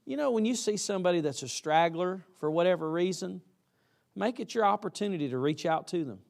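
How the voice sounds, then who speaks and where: Casting: man, preacher, folksy and emphatic, slightly higher voice. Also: expressive, fairly quick, vocal fry, darkish tone. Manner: folksy, emphatic, acts out quoted students. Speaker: college preacher. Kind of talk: chapel sermon.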